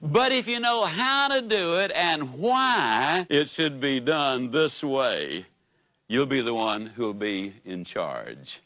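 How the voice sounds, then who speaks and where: A man's voice: medium pitch, sing-song, takes it slowly, bright, forceful tone, dry recording. A man giving a live motivational speech, telling folksy stories and asking the audience questions. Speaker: motivational speaker.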